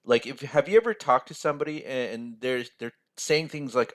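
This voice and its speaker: A man's voice: medium pitch, expressive, a little fast, hardly any pauses. Chatty American man explaining finances. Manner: chatty, rambling, says "right?" often. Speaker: financial mentor, video host. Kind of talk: casual explainer video.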